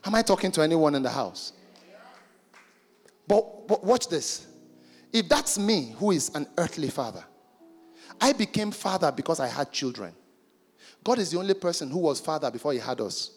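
A pastor preaches with emphasis and keeps calling out to his listeners. His voice sits high for a man. It rings through a reverberant church hall with soft music underneath. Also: sing-song, normal speed, long pauses. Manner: emphatic, calls out to the congregation. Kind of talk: sermon.

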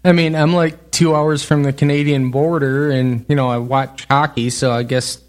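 Animated storytelling man, fairly high voice. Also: normal speed. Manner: animated, mimics his wife in a raised voice. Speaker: podcast guest. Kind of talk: casual chat, storytelling.

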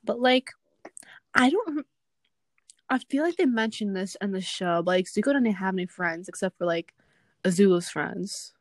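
A woman's voice: medium pitch, normal speed, pauses often, no room sound. Woman co-host, giggly, dry close sound. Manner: giggly, laughs often. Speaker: podcast co-host. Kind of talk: casual chat.

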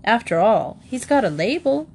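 Woman reading as a brisk family father. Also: a little high, very animated, creaky, a little mellow, husky, voice pushed up, full character voice. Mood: vague. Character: brisk, vague middle-aged father.

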